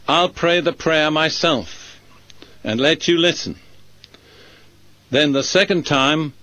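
Slow, measured preacher man, bright voice. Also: a little high, no echo. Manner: slow, measured, deliberate phrasing. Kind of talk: sermon leading a prayer.

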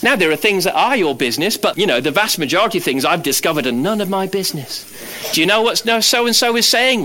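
Speaking quickly, a man delivers a sermon as a pastor. He's animated, moving from loud, emphatic lines down to low, quiet ones.

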